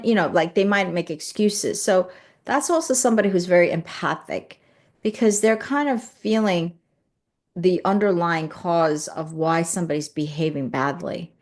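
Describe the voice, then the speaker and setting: A woman's voice: lowish voice, moderate pace, a little mellow. A woman hosting a live stream, talking casually and earnestly to her viewers, often repeating phrases for emphasis.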